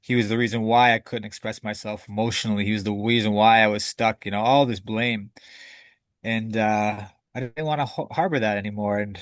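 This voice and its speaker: Male guest, low voice, dry sound, candid and emotional storyteller who curses freely. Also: a bit bright, dry recording. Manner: emotional, candid, swears casually. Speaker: podcast guest.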